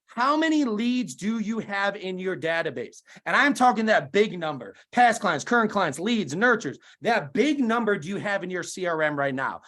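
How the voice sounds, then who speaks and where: Punchy male motivational speaker, high-pitched, video call. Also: big pitch swings, normal speed, few pauses, fairly bright tone. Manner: emphatic, punchy rhetorical questions. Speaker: guest speaker.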